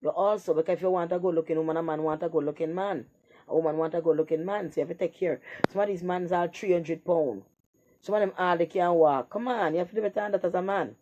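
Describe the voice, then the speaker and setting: A woman's voice: lowish voice, fast talker, dark tone, muffled recording. A woman talking bluntly in a rambling, profane casual monologue.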